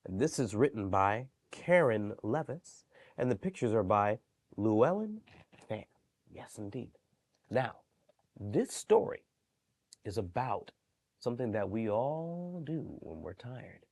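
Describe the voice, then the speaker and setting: A library storyteller reads bedtime stories to young children, his manner gentle and animated. He speaks slowly in a lowish voice, leaving long pauses.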